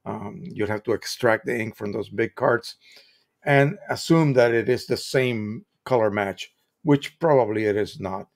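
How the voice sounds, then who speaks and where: A man's voice: lowish voice, measured pace, creaky. An American man hosting a live stream, explaining printing in a chatty, casual way with examples and restarts.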